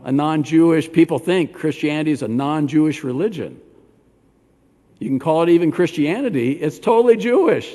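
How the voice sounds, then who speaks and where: An older rabbi preaches a sermon in a synagogue sanctuary, animated and addressing the congregation directly with questions. His voice runs on the high side, and the recording carries long hall reverb.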